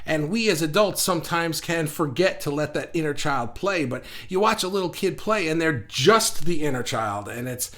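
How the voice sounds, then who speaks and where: A man's voice: fairly high pitch, lively intonation, normal speed, few pauses, a bit bright. A man hosting a casual livestream, chatting in a rambling way and reading viewer comments aloud. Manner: rambling and chatty, with frequent restarts. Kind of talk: casual live chat.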